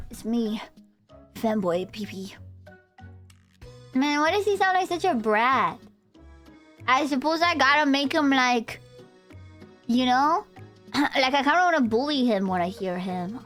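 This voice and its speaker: A woman's voice: high voice, a bit bright. A young woman live streamer chatting casually with her viewers, rambling and giggly. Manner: rambling, giggly, talks to chat.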